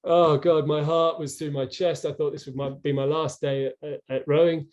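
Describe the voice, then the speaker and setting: Earnest reflective man, mellow voice. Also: on the high side, flat delivery, normal speed, dull audio. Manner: earnest, reflective, many restarts. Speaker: guest, former rower. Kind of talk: storytelling in an interview. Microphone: video call.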